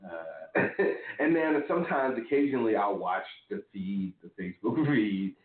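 A man's voice: on the low side, lively intonation, measured pace, roomy sound, narrow, tinny audio. A man co-hosting a wrestling call-in podcast, chatting casually and laughing often. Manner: laid-back, laughs often, slangy. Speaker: podcast co-host. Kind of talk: casual chat.

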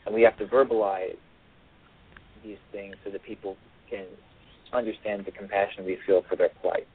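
Low-voiced man on a tinny phone line. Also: steady tone, normal speed, a little hiss or hum. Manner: earnest, repeats words and phrases. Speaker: author and guest. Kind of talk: radio interview.

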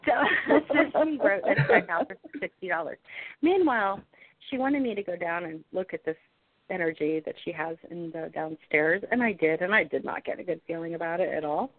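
A woman in her sixties, a guest healer telling a story in a casual, animated way, acting out the people she talks about. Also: lowish voice, fairly quick. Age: 60s. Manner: animated, acts out the other people's voices in her anecdotes. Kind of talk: casual storytelling on a call-in show. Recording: phone line with faint noise.

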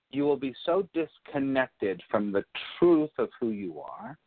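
A man giving a reflective spiritual teaching talk, speaking deliberately and repeating phrases for emphasis. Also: medium pitch, no room sound. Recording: narrow phone-like sound, dry.

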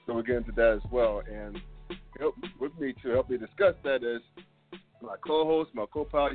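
A man in his fifties hosting a casual sports talk show, loose and rambling, full of fillers and laughs. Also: medium pitch. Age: 50s. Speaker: podcast host. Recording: phone-like line, dry sound.

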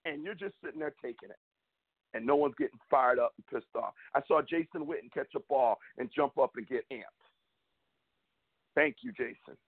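A man co-hosting a sports talk podcast from the US, ranting with a rising, fired-up pitch. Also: normal speed, creaky, husky, no room sound. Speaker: podcast co-host. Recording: tinny phone-like call line.

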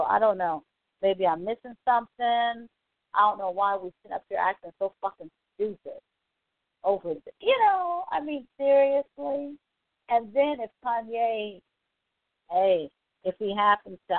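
A woman's voice: medium pitch, dry recording. A woman hosting a call-in talk show, ranting casually with exasperated, profane repetition and reading listener comments aloud. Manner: exasperated, profane, repeats herself. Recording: tinny phone line, dry.

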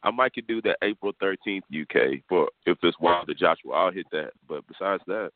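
A man's voice: low voice, normal speed, no echo. A man co-hosting a casual sports podcast, teasing and blunt, with slangy talk. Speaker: podcast co-host. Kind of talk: casual chat. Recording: dry, phone-like line.

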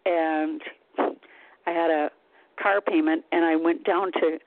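A woman's voice: deep voice, takes it slowly, no echo. Woman, chatty storyteller, tinny phone-like sound, dry. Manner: chatty, animated retelling with sighs and laughs. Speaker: guest, psychic. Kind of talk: casual interview storytelling.

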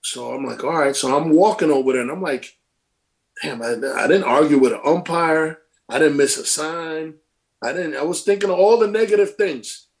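A middle-aged former ballplayer tells his stories in a loose, animated way, acting out the quotes and swearing freely. His voice sits a little high for a man. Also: normal speed, creaky. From Brooklyn, New York. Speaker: former pro baseball player, guest. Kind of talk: casual storytelling interview.

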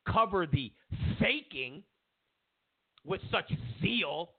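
Sarcastic talk host on a tinny line. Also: male voice, high voice, animated, extremely slow, husky, no echo. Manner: sarcastic, mocks media with exaggerated quotes; repeats himself for emphasis. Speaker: political talk show host. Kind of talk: opinionated political commentary. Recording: tinny phone-like, dry sound.

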